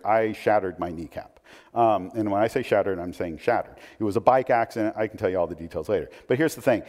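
A man preaching a sermon in a conversational, animated way, with asides and questions to the listeners. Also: lowish voice. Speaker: pastor. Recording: long hall reverb.

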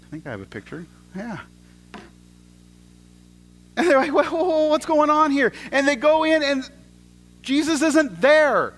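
Male pastor, fairly high voice, storytelling sermon, builds excitement then drops to a hush. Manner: storytelling, swings from loud excitement to hushed asides, repeats words.

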